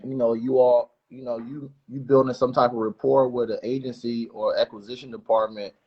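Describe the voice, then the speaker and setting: A man co-hosting a podcast live stream with a husky voice, joking and laid-back in casual talk. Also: medium pitch, little pitch movement, a little fast, highs cut off. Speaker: podcast co-host.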